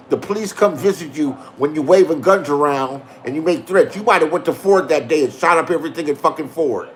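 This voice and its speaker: A YouTube drama streamer with a fairly high, fairly bright male voice launches into a heated, profane rant. He addresses absent rivals directly and deals in online drama throughout.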